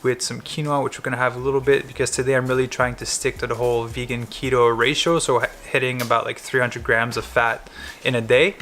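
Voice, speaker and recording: Young guy vlogging mid-workout, kinda breathless, bright voice, faint hum behind. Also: mid-range voice, little pitch movement, brisk. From Quebec. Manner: chatty, talks while cycling on indoor trainer. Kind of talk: casual vlog. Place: indoor cycling studio, then car and kitchen.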